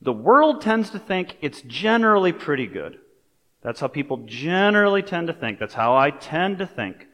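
A man preaching a sermon as a pastor, in a relaxed, conversational way with personal stories and asides. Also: fairly high pitch, normal speed. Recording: long reverb of a large hall.

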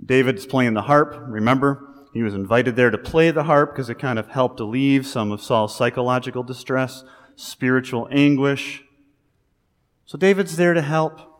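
A male pastor giving a sermon, talking in a conversational, animated way that rises into emphasis. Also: medium pitch, moderate pace. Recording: long reverb of a large hall.

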